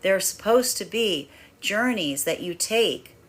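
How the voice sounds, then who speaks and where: A woman tarot reader talking through a collective energy reading, rambling and animated, acting out little inner voices as she goes. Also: medium pitch, slow. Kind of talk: spiritual energy reading, monologue.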